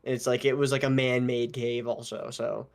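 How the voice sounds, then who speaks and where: A man's voice: mid-range voice, flat delivery, moderate pace, gravelly. A young man co-hosting a podcast in casual chat, joking, teasing and swearing freely. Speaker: podcast co-host.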